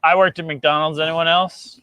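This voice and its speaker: A man's voice: fairly high pitch, flat delivery, normal speed, bright, forceful tone. A man co-hosting a casual fan show, teasing the others and joking through a trivia game. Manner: playful, teasing. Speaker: co-host. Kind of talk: casual banter.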